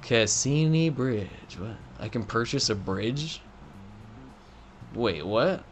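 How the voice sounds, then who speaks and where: A man's voice: medium pitch, lively intonation, slow pace, a little hiss or hum. A young man doing profane, joking let's play commentary on a game. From Canada. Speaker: gaming commentator.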